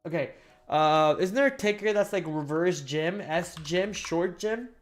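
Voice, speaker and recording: Man with a lisp, slightly high voice. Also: animated, measured pace, soft background music. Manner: rambling, thinks aloud, self-correcting. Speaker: stock trading livestream host. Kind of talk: casual live market recap.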